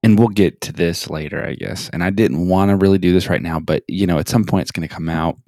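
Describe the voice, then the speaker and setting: Gravelly low-voiced man, halting. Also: warm tone, dry recording, studio quality. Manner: halting, self-conscious, many restarts. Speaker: podcast co-host. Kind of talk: casual chat.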